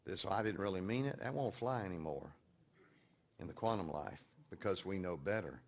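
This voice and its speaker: A man giving a sermon-style teaching to an audience, telling stories and moving between quiet, hushed passages and loud, emphatic points. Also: low-pitched, lively intonation, normal speed, gravelly. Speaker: speaker teaching a session.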